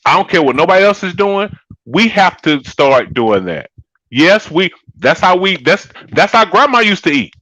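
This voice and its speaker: A man's voice: high voice, sing-song, normal speed, bright, forceful tone, dry recording, highs cut off. A man co-hosting a casual chat show, talking emphatically in a preachy way and calling his listeners y'all. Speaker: co-host.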